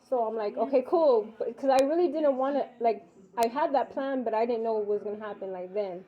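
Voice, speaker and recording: Woman, higher voice, casual storyteller who acts out each exchange and swears freely; dull lo-fi recording. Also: a little fast. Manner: re-enacts dialogue, swears casually. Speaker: mother recounting a personal story.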